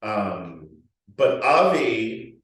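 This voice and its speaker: A male actor being interviewed, telling frank, animated stories and swearing freely. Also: fairly low pitch, very slow. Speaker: actor guest. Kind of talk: candid interview storytelling. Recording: echoey room, mic far off.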